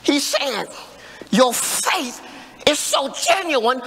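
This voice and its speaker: A man preaching a sermon in call-and-response style, building to emphatic shouts. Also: very high-pitched, big pitch swings, takes it slowly, gravelly. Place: church sanctuary. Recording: echoey church hall reverb.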